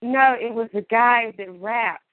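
A woman caller performing emphatic, playful spoken word on a call-in show, with deliberate delivery and wordplay. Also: a little high. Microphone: phone. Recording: tinny phone line.

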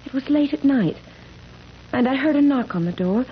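A woman's voice: high voice, expressive, moderate pace, slight background noise. An actress playing an ageless young woman in a radio drama, earnest and insistent. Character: young woman who never ages, earnest and haunted. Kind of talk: 1970s radio drama acting. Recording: dull lo-fi radio broadcast.

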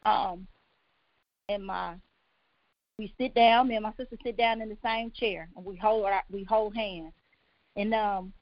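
A woman recounts her own past in a halting, emotional way, full of ums and restarts and close to tears. Her voice has a gravelly edge. The sound is dry and lo-fi, a little dull. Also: mid-range voice, steady tone, no room sound. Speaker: guest sharing her life story. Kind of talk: personal testimony on a talk show.

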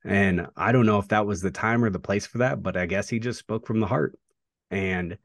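Low-voiced, dry-sounding man wrestler. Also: dry recording. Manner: reflective, halting with fillers and restarts. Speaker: pro wrestler. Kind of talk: casual interview talk.

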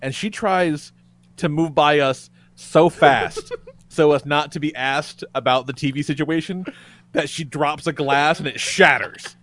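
A man co-hosting a podcast, telling a story in casual chat with lively, profane flair. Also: on the high side, unhurried, no room sound. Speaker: podcast co-host.

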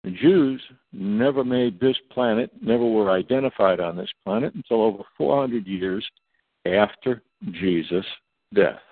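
A lowish, unhurried male voice comes through a tinny phone line without echo. He is a guest on talk radio, holding forth in a lengthy, emphatic monologue and sounding out each acronym one letter at a time.

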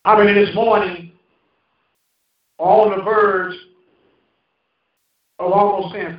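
A man's voice: high-pitched, fairly even intonation, slow, pauses often. A male pastor preaching a fervent sermon, emphatic, with call-and-response to the congregation. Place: church sanctuary. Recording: echoey hall, distant mic, dull sound.

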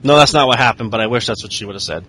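A man's voice: mid-range voice, racing, bright, forceful tone, a little hiss or hum. A man co-hosting a podcast, recapping wrestling in a crude, sarcastic, joking way. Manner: crude, sarcastic, mocking impressions. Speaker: podcast co-host. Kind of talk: casual wrestling recap chat.

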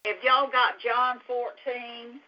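A woman leading a Bible study and prayer, talking gently and haltingly with many fillers. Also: on the high side, little pitch movement. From Louisiana. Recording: muffled lo-fi audio.

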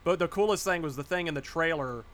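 A man co-hosting a casual podcast, telling stories excitedly and acting out the lines he quotes. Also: on the high side, fast. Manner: excitable storyteller, acts out quotes. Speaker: podcast co-host. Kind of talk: casual chat.

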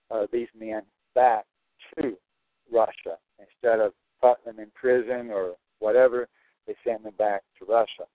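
A man's voice: mid-range voice, no echo. A man delivering an earnest, repetitive preaching monologue, stressing his points over and over. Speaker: Christian prophecy broadcaster. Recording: tinny phone-like line, dry.

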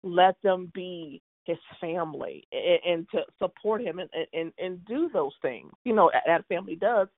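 Discussing a soap opera on a casual podcast, this co-host speaks in a lowish voice at a moderate pace, barely pausing. She sounds emphatic and exasperated and frequently starts her sentences over, all through a tinny, phone-like recording.

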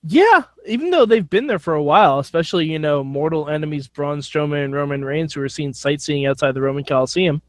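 Man, co-host, joking and crude, animated pitch. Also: fairly quick, few pauses, no room sound. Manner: joking, swears freely. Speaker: podcast co-host. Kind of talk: casual chat.

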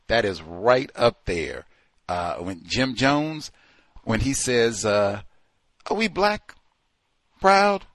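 A man's voice: on the low side, fairly bright tone, slightly rough, dry recording. A man hosting a call-in show, talking casually and animatedly, acting out the voices of people he quotes. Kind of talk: casual radio talk.

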